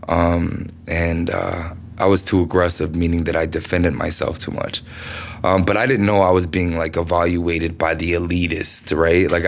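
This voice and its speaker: A man's voice: sits low, creaky, slight background noise. A man from the United States talking through a meandering personal monologue, swearing often and leaning on fillers. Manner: meandering, profane, many fillers.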